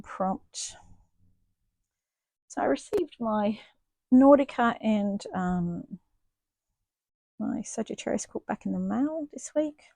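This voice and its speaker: A woman's voice: medium pitch, creaky, mellow, no room sound. A woman chatting casually and thinking aloud as she stitches in her home craft studio, self-deprecating and chatty. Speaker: stitching vlogger. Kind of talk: casual chat while stitching.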